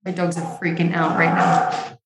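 A woman's voice: on the low side, completely flat delivery, measured pace, heavy background noise. Frank young woman, echoey room. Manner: emotional, swears freely, many "like" fillers. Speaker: interview guest. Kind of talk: candid conversational storytelling.

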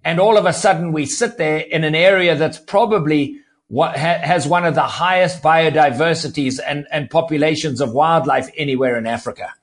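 A man's voice: fairly high pitch, moderate pace, few pauses. A man speaking as a conservationist guest in an interview, explaining at length and repeating words as he starts sentences. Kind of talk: podcast interview.

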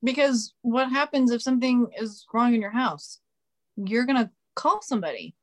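Blunt opinionated woman, somewhat high voice. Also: normal speed. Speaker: podcast guest. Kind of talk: casual podcast chat.

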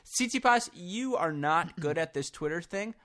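Animated man chatting on a podcast. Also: high-pitched, moderate pace. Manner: animated, laughs often, does mock voices for quotes. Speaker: podcast co-host. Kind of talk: casual podcast chat.

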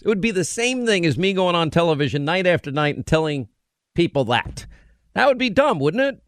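A man's voice: on the high side, a little fast, dry recording, studio quality. A man in his fifties hosting a radio talk show, chatting casually and cutting in with quips. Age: 50s. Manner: animated, interrupting, quips.

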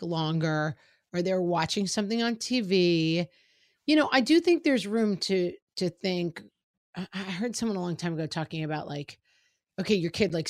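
A middle-aged woman chatting frankly about parenting, quoting her kids in quick asides. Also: lowish voice, no room sound, clean studio sound. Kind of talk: casual chat about parenting.

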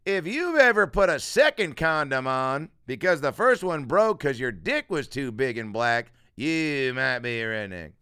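A man's voice: mid-range voice, big pitch swings, measured pace, few pauses, sharp tone, clear, resonant tone, dry recording, clean studio sound, pitched above the performer's own voice. A man doing a male stand-up comic who tells redneck jokes in a drawling, building rant. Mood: mock-folksy. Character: twangy loud male redneck-joke comic.

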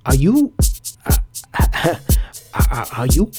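A man voicing a big, slow teenage boy who talks haltingly in a spoken story. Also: medium pitch, huge pitch swings, a little mellow, husky, soft background music, exaggerated voice. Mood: hurt, awkward. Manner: halting, hesitant.

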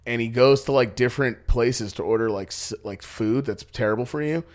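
A young man chatting on a podcast, swearing often and laughing through his stories. His delivery is loose, animated and unscripted, the way people talk among friends. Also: medium pitch, fairly quick. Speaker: podcast co-host. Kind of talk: casual podcast banter.

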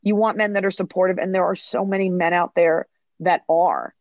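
A woman's voice: fairly low pitch, fairly even intonation, brisk, darkish tone, no room sound. Woman comic in her 30s, podcast guest, chatty storyteller, acts out quotes, dry dull mic. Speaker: stand-up comedian, podcast guest. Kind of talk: casual interview talk.

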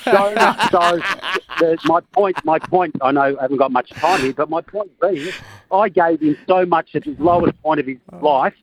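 A man's voice: a little high, normal speed, a crowd in the background, poor audio. Australian man ribbing his mate by phone. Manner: chatty, teasing storyteller. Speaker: caller. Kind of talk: casual phone-in banter. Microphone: phone call.

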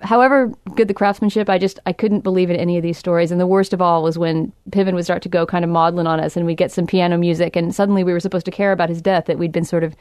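Fast-talking woman film critic, dry sound. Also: fairly low pitch, steady tone, darkish tone, smooth, no echo. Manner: brisk, dismissive, analytical. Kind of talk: podcast movie review chat.

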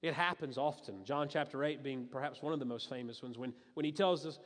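A man's voice: mid-range voice, a little fast. A man preaching a sermon as a pastor, talking in a conversational and emphatic way, with frequent restarts and asides. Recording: long reverb of a large hall.

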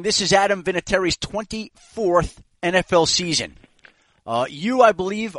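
A man's voice: sits high, a bit bright, dry recording. A man interviewing a football player, asking playful, coaxing questions. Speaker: interviewer, reporter.

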